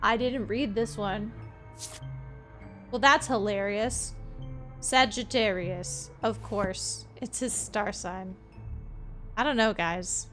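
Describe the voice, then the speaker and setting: A woman's voice: mid-range voice, slow pace, long pauses, pushed and bright, soft background music. A woman from Florida, a streamer chatting playfully with her viewers while she plays a point-and-click detective game. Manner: chatty, playful, talks to chat. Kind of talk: let's play commentary.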